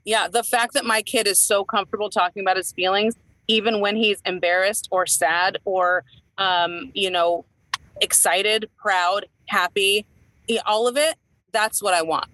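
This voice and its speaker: Bright-voiced chatty woman. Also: mid-range voice, fairly even intonation, a little slow, rough recording. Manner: chatty, rambling with many fillers and restarts. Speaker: podcast co-host, entertainer. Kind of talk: casual chat.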